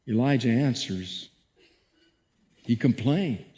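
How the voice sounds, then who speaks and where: Pastor preaching in a reverberant sanctuary. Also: male voice, mid-range voice, expressive, takes it slowly. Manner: dramatic scripture reading, shifting between hushed and emphatic. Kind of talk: sermon. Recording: long church reverb.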